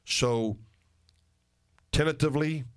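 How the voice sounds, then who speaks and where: A man's voice: fairly high pitch, slow pace, clear, resonant tone. An older man, a pastor, making an earnest and emphatic appeal to his listeners, repeating phrases for stress. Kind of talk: radio sermon and ministry appeal.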